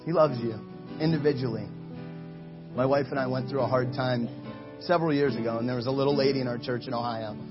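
A man in his thirties preaching a sermon to his congregation in a church, energetic and exhorting, calling for answers from the pews. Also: medium pitch, quick pace, muffled recording, music in the background. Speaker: pastor. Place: church sanctuary.

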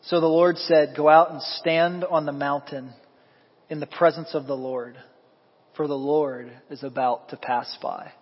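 A man preaching a sermon as pastor, animated and quizzing the congregation with questions. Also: on the high side, unhurried, breathy edge. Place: church sanctuary. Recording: echoey hall, dull lo-fi sound.

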